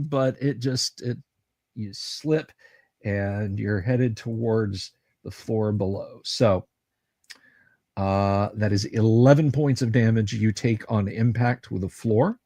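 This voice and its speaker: A man's voice: mid-range voice, darkish tone, dry recording, clean studio sound. A man running a tabletop fantasy game as dungeon master, narrating with many restarts. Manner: halting, with many restarts and fillers. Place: home setup, livestream.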